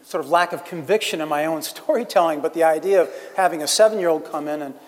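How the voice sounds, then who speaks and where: A man's voice: a little high, fast, long reverb tail. A man speaking as a writer on a panel, hesitant, with many restarts and fillers. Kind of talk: panel discussion.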